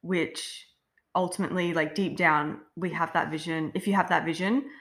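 A woman co-hosting a self-development podcast, talking in a relaxed, reflective way with many fillers. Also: fairly low pitch, normal speed. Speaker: podcast co-host. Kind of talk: casual podcast chat.

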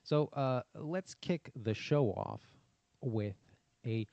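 A man's voice: mid-range voice, animated, takes it slowly, gravelly, mellow, dry recording. A man hosting a podcast in a laid-back, casual chat with laughs. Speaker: podcast host. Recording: dull lo-fi sound.

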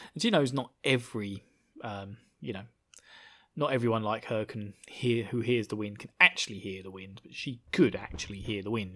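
A man's voice: medium pitch, fairly bright tone. A man casually recapping a book chapter, rambling and laughing often, slipping into silly voices for the characters. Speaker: book discussion podcaster.

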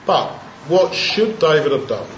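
A man with a fairly high voice preaches a sermon in a relaxed, conversational way. He keeps asking rhetorical questions. The recording sounds roomy and a little dull, with faint noise underneath. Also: measured pace. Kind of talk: expository sermon.

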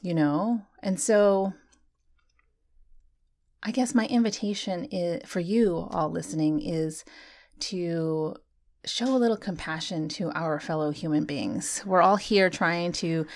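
A woman's voice: on the low side, slow. Earnest woman musing on spiritual growth. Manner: conversational, earnest, animated with laughs; many "you know" fillers. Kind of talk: reflective spiritual talk.

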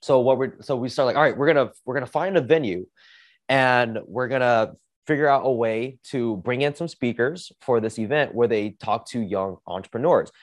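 A man hosting a podcast, telling a story in a casual, energetic way, swearing often and saying "like" a lot. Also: mid-range voice, normal speed, dry recording, clean studio sound. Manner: energetic, profane, heavy use of "like". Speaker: podcast host.

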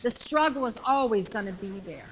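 A woman's voice: fairly high pitch, animated, fairly quick, a little hiss or hum, rough recording. A middle-aged woman preaching a sermon in a conversational, emphatic way, repeating phrases to build up her point, with a congregation answering her.

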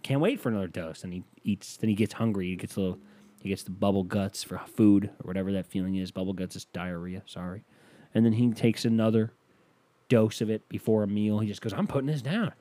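A man's voice: fairly low pitch, level tone, brisk, dark tone, dry recording. A male comedian doing crude comedic riffing in a rambling, profane way.

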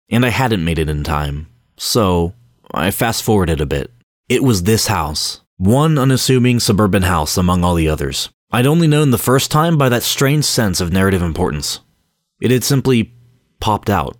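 A man's voice: lowish voice, dry recording, studio quality. A man narrating a first-person audiobook in a brooding, introspective way.

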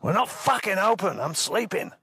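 A man voicing a big, angry Maori hostel worker with a New Zealand accent, shouting threats. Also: high voice, big pitch swings, moderate pace, gravelly, slightly rough, dry recording, pitched above the performer's own voice, full character voice. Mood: furious.

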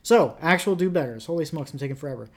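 A man's voice: on the high side, expressive, quick pace. A young man from rural Canada, co-hosting a podcast in casual, rambling chat and laughing at himself often. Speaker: podcast co-host.

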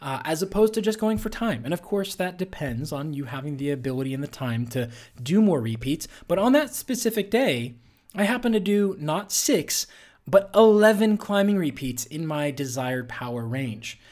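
A man's voice: fairly high pitch, expressive, normal speed, darkish tone. A male athlete hosting a solo podcast, talking earnestly and conversationally with frequent fillers.

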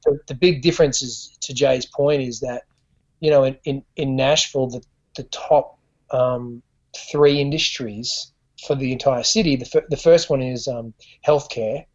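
A man's voice: medium pitch, steady tone, a little slow, highs cut off. A man with an Australian accent, a musician guest telling stories in a rambling way with frequent restarts. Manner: rambling, lots of restarts and fillers. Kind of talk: conversational storytelling.

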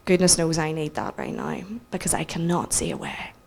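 A woman with a Northern Irish accent telling a story in a sermon, animated and self-mocking, acting out the people she quotes. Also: deep voice, fairly quick, gravelly, a little hiss or hum. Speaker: preacher.

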